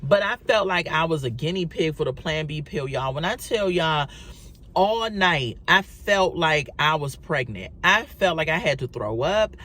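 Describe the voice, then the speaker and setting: A woman vlogger records a storytime video, chatting casually with her viewers, calling them y'all, and using lots of fillers. Her voice is low yet fairly bright, with lively intonation and an unhurried pace.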